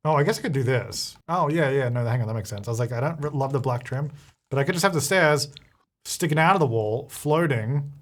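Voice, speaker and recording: A young man chats through his game build in a loose, thinking-aloud way. He catches and corrects his own words as he goes. His voice sits at an ordinary middle pitch. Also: animated, a little fast. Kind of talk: casual play-along commentary.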